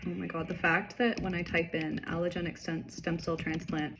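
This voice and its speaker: Late at night, a woman writer sits indoors at her computer recording a casual vlog about her progress, rambling while she cries and laughs and sometimes drops to a whisper. Her voice is lowish, and a little hiss or hum can be heard.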